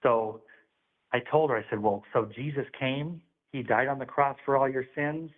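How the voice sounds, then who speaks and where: A man's voice: mid-range voice, steady tone, moderate pace. A man calling in, telling a religious testimony in an earnest, preachy storytelling manner. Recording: phone-line audio.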